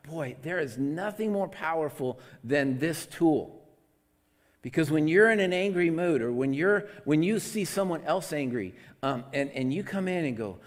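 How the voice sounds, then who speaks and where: A man preaching a conversational sermon into a microphone, candid and self-deprecating, with lots of restarts, swinging between loud and soft. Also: a little high, lively intonation, normal speed, big-room sound. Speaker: pastor. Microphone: amplified microphone.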